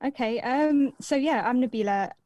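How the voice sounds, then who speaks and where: A woman's voice: high voice, moderate pace, mellow, dry recording, dull audio. A young woman from Leicester, a radio guest telling her story in a chatty way with many ums. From Leicester, England. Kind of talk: interview answers.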